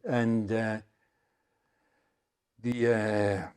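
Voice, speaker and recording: A Scottish man in his seventies telling a story as an interview guest, halting and repeating words as he chats. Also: on the low side, flat delivery, darkish tone, clean tone. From Scotland. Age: 70s. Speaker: interview guest, former footballer. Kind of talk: anecdotal storytelling.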